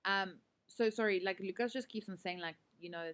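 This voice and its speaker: A woman's voice: medium pitch, normal speed, a bit bright. A woman teacher with a South African accent, explaining a set drama in a casual, chatty way full of fillers.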